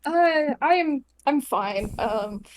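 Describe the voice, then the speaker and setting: High-voiced, flustered woman. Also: expressive, takes it slowly, slight background noise. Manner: flustered, hesitant. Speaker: tabletop game player. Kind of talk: in-character tabletop play.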